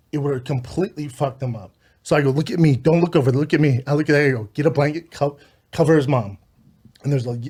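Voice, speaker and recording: A man hosting a podcast, retelling a story in an emotional, profane, animated way with acted quotes. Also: medium pitch. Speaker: podcast host.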